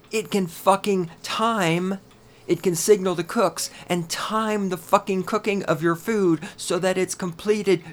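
Profane ranting man hosting a podcast. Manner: profane, ranting, heavy swearing; loud and heated, then lower and grumbling. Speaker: podcast host. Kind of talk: solo podcast rant.

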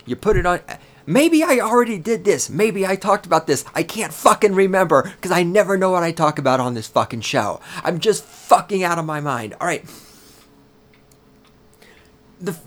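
A man hosting his own podcast in a solo rant, swearing heavily and talking in a loud, heated way. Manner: profane, ranting, heavy swearing; loud and heated, then lower and grumbling. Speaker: podcast host.

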